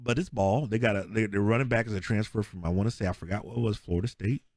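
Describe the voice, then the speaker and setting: A man's voice: on the low side, quick pace, dry recording, studio quality. A man co-hosting a podcast in casual sports chat, telling stories with lots of laughter and acting out what people said. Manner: animated storyteller, laughs often, acts out quotes. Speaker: podcast co-host.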